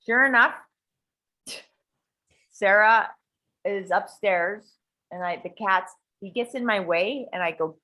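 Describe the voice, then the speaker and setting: Woman, casual profane storyteller, bright forceful voice, animated delivery. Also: medium pitch, unhurried, long pauses, low-quality recording. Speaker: guest sharing a personal story.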